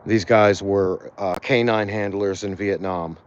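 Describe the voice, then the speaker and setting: A tired man talks casually as an animal rescue volunteer in a livestream walkthrough, halting often and filling pauses with fillers and restarts. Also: lowish voice, steady tone, highs cut off. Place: outdoors by a cat shelter.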